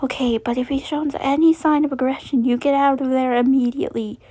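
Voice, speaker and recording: A woman's voice: sits high, fairly even intonation, brisk, mellow. A woman voicing a cautious, protective young boy who mostly whispers, in a storybook reading. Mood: firm.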